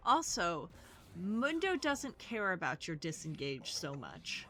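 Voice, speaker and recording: A woman's voice: fairly low pitch, very animated, slow, bright, forceful tone. A woman casting a live video game match with a dry, wry humor. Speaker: esports caster.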